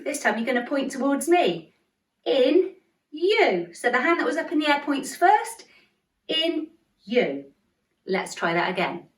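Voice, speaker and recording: A woman teaching a dance routine to a class, upbeat and encouraging, slowly chanting the song's lyrics to show where each move lands. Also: fairly high pitch, big pitch swings. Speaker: dance instructor. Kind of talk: instructional dance tutorial. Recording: roomy, distant from the mic.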